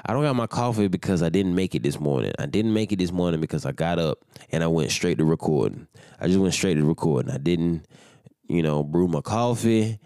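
A young man with a fairly low voice hosts his own podcast and rambles loosely, swearing freely. He sounds sleepy and keeps drifting off track. The sound is dry and close, with no room around it. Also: animated, brisk, dark tone, no echo. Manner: loose, rambling and profane, yawning. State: sleepy, without his morning coffee. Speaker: podcast host. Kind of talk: casual solo podcast chat.

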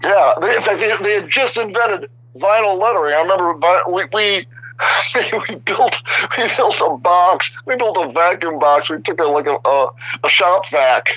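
A man's voice: a little high, dry recording, lo-fi sound. Older man telling rambling career stories. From Chicago area. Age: 60s. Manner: rambling, animated, many restarts. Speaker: guest artist. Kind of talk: casual storytelling interview.

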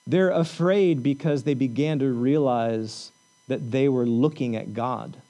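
A man preaching a sermon, repeating lines for emphasis and telling the story with animated energy. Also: medium pitch, measured pace, low-quality recording. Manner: repetitive, emphatic preaching with rising intensity. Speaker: pastor.

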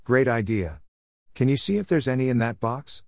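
A man's voice: medium pitch, lively intonation, moderate pace, gravelly, a little mellow, dry recording, clean studio sound, pitched above the performer's own voice. A man reading a story, voicing a patient but firm grandmother on a camping trip.

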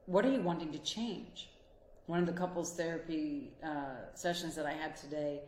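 Earnest woman coaching, lower voice, echoey room. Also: a little mellow. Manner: earnest, encouraging, talks to the listener directly. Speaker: life coach and couples therapist. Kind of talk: motivational monologue.

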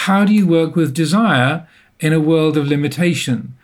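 A man telling a personal story as an interview guest, thoughtful and self-deprecating, often pausing to rephrase. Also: fairly high pitch. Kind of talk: reflective storytelling.

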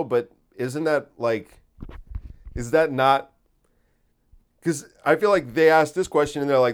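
A man's voice: mid-range voice, slow, pauses often. A man hosting a podcast, talking casually and incredulously, full of restarts and rhetorical questions. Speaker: podcast host.

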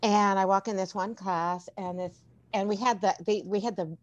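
A woman's voice: mid-range voice, normal speed, highs cut off. A middle-aged woman, a former teacher, telling funny stories in a casual podcast interview, full of restarts and laughter. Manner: animated, laughing storyteller with many restarts. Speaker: podcast guest, former teacher and tech coach.

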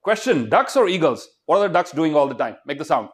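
Male motivational speaker, slightly high voice, swoops a lot, fires questions at a student crowd. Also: a little fast. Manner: animated, keeps quizzing the audience and leading call-and-response. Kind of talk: motivational talk to a student audience.

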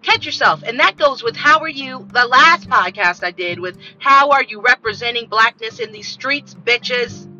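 A woman hosts a podcast in a blunt, profane monologue full of animated storytelling. Her voice is sharp and very bright. The recording is dull and lo-fi, with faint music underneath. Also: a little high, moderate pace, few pauses. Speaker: podcast host.

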